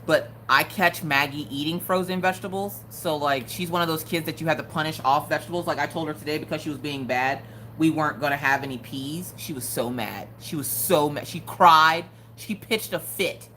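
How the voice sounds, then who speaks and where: A woman's voice: deep voice, fairly quick, sharp tone, slight background noise. A woman hosting a casual live crafting stream, chatty and joking, laughing often.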